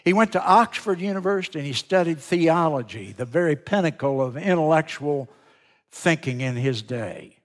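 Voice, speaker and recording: A man preaching a sermon, telling folksy stories and swinging from loud to hushed. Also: on the high side, lively intonation, normal speed. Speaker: pastor. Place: large church sanctuary. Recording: long church reverb.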